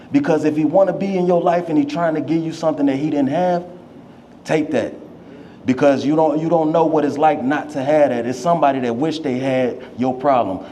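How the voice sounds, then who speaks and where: A man's voice: mid-range voice, dark tone, a little hiss or hum. A young man giving a memorial speech for his father, telling stories in casual slang. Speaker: memorial speaker. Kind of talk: eulogy speech.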